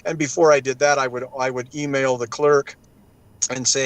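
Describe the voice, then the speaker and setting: A man giving legal advice in a casual panel talk, acting out judges and clerks in lively quoted asides. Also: medium pitch, moderate pace, rough recording.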